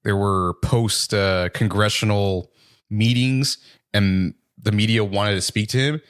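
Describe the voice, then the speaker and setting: Lower-voiced podcast cohost, swears, quick blunt jabs. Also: male voice, fairly even intonation, smooth. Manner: short blunt interjections, swearing. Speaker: podcast co-host. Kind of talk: casual chat.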